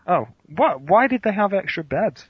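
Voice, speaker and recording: A man's voice: sits high, sing-song, normal speed, slightly rough, no room sound. A man co-hosting a podcast, chatting casually in a skeptical, teasing way. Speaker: podcast co-host. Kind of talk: casual chat. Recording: dry, dull lo-fi sound.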